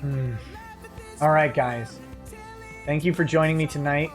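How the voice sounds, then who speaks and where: A man's voice: a little high, fairly even intonation, a little slow, faint music behind. A man, a lawyer hosting a late-night livestream, reading viewer comments aloud and joking about them in a casual, wry way.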